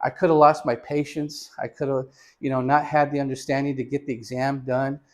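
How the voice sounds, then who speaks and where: A man's voice: medium pitch, flat delivery, fairly quick. A man teaching chest X-ray positioning, talking casually to students and giving patients instructions. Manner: casual, talks to students as "you guys"; gives patient instructions loudly. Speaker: radiography instructor. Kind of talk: hands-on teaching demonstration and storytelling.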